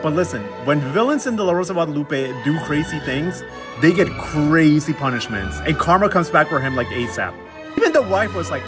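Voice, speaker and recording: Young male comedic recapper, slightly high voice, sarcastic slang delivery, faint music behind. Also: brisk. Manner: slangy, sarcastic, animated storytelling with mocking quoted voices. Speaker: recap commentator.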